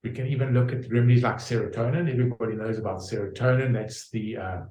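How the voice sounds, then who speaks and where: A man describes his remedies in a conversational interview, stopping and restarting as he reaches for examples. His voice sits at a middling pitch, and the room around him is noticeably echoey. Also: fairly even intonation, fast, mellow. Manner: explains with homely examples, many fillers and restarts. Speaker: homeopath guest.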